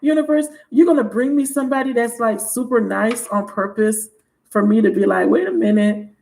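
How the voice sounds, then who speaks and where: On this rough recording, the tarot channel host talks at a normal speed in a slightly high, steady, gravelly and somewhat mellow voice. Her livestream chat is frank and lively, full of swearing and frequent laughter.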